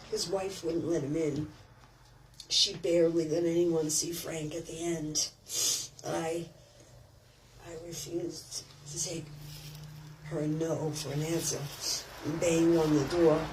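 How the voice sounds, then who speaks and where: Slow, blunt older woman, distant mic. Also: sits low, darkish tone, a little hiss or hum. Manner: blunt, profane, rambling storytelling. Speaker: author at a book signing. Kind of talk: off-the-cuff speech to a crowd. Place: retro thrift shop.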